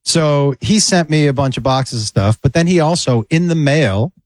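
A man with a fairly high voice, spinning an anecdote in casual studio chat. His pitch jumps around a lot as he acts out the other voices in the story. The sound is dry and close. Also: moderate pace, no echo. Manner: animated, acts out other people's lines in a higher voice. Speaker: podcast co-host.

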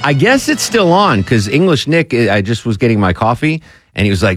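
Lively chatty male radio host. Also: fairly low pitch, brisk, dry recording, soft background music. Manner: chatty, jokey, reads promos with emphasis. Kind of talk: morning talk radio chat and promos. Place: radio studio.

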